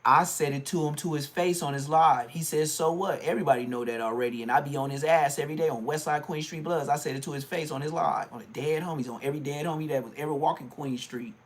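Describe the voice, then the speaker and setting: A middle-aged man, ranting on his livestream and often jumping into a high, mocking voice. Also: fast, few pauses. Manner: animated, swings into high mocking voice. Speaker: livestream host.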